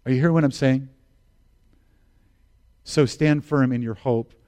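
A man's voice: mid-range voice, unhurried, dark tone. A middle-aged American man preaching a sermon as pastor, earnest and emphatic, repeating phrases for stress.

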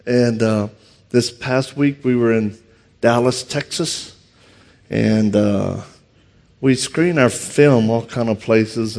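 A man from Louisiana with a Louisiana accent, telling funny self-deprecating stories quickly and with energy to an audience from a stage. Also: medium pitch, gravelly. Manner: fast, animated, self-deprecating. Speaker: martial arts instructor and speaker. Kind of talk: humorous storytelling talk.

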